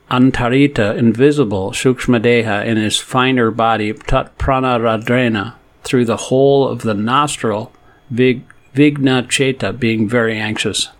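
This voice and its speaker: Man slowly reading scripture with commentary. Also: medium pitch. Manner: slow chanting of verses, then steady reading; halting, self-correcting reading. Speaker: scripture reader. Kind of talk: reading scripture verses with word meanings and commentary.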